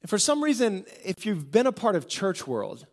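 A man's voice: sits high, wildly swooping pitch, moderate pace. A pastor from the United States giving a conversational sermon, asking rhetorical questions and often repeating phrases as he builds a point.

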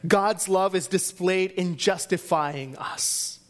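A man's voice: high voice, takes it slowly. A man preaching a sermon as pastor, driving his points home through repeated, emphatic refrains.

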